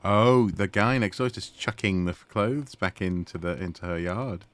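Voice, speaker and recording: A man casually commenting on his own gameplay as he streams, excitable and talking to the characters on screen. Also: low-pitched, normal speed. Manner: excitable, talks to the game characters.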